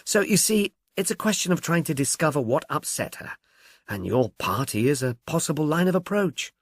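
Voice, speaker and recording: A confiding middle-aged police inspector, as a male narrator reads him talks in an easy, friendly way with a lively rise and fall. The recording is dry and close. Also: a little high, moderate pace, no echo.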